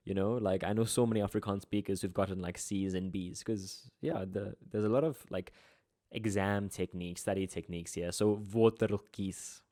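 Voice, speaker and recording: A young man, tutoring through an exam paper in a relaxed, slangy, chatty way. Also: fairly low pitch. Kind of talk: casual exam walkthrough.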